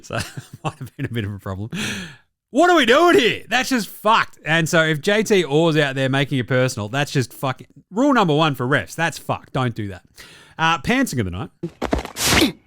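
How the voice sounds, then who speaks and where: A man's voice: medium pitch, very animated, moderate pace, fairly bright tone, no room sound, studio quality. A young Australian man hosting a basketball show, with brash, profane, jokey casual commentary.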